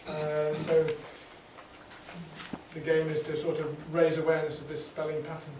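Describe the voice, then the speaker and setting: A man leading a teacher workshop, explaining teaching ideas in a relaxed way with fillers and restarts. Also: fairly high pitch, moderate pace, background noise. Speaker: workshop trainer. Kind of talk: teacher training talk. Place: workshop room. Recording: echoey room, distant mic.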